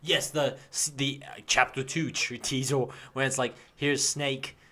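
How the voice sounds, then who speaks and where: A man co-hosts a casual gaming podcast in a mid-range, sharp-toned voice that stays fairly flat in pitch and never hurries. He talks with enthusiasm, swears freely, and now and then hums tunes or acts out quotes.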